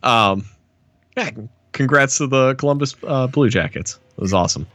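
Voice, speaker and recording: A man's voice: mid-range voice, expressive, normal speed, a bit bright, no echo. A man co-hosting a podcast in easygoing casual chat, often laughing and hesitating with "uh". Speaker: podcast co-host.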